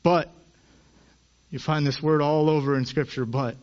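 Male preacher, 30s, earnest sermon delivery, slightly high voice, muffled lo-fi sound. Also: fairly even intonation, unhurried, darkish tone. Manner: earnest, acts out quoted voices with rising emphasis.

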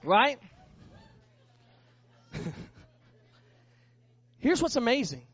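A man who is a pastor, telling a lively story as part of a sermon and acting out the people in it. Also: very high voice, extremely slow, no echo, dull audio. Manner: animated, acts out the people in his story.

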